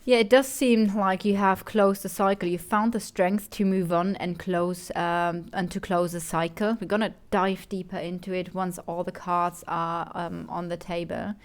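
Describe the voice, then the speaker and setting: Slightly low-voiced woman reading tarot. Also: flat delivery, moderate pace, hardly any pauses. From Germany. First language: German. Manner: chatty, self-correcting, softly repeats questions while drawing cards. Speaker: tarot reader.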